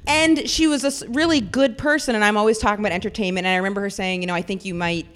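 A woman's voice: medium pitch, steady tone, rapid-fire, a bit bright. A woman comedian telling a funny personal story on a live podcast. She laughs through her punchlines and swears freely. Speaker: guest comedian.

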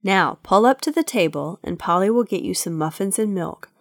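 A woman voicing an older grandfather who calmly explains things to his grandchildren. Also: mid-range voice, normal speed, dry recording, clean studio sound, close to an everyday voice. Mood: patient. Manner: calm, explanatory storytelling.

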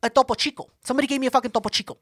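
A woman in her thirties hosts a podcast, chatting casually as she tells a story. Her voice is high-pitched and racing, with no room sound, and she swears a lot while animatedly acting out other people's lines.

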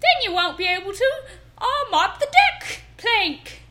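A woman putting on a loud, hammy pirate voice with an exaggerated accent, doing a mock ad read on a podcast. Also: extremely high pitch, sing-song, moderate pace, full character voice. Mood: hammy boasting. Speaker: podcast co-host.

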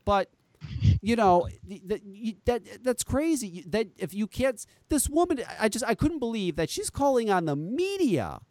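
A man in his forties rants as a talk-radio podcast host, profane and exasperated. His voice sits high for a man and swoops up and down as he argues. The sound is close and dry, with no room around it. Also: very animated, normal speed, a little mellow, no room sound. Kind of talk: ranting talk-radio commentary.

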